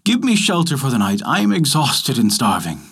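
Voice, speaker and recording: A man voicing a gentle, good-natured male dog in a storybook tale, speaking meekly. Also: mid-range voice, sing-song, brisk, breathy edge, full character voice.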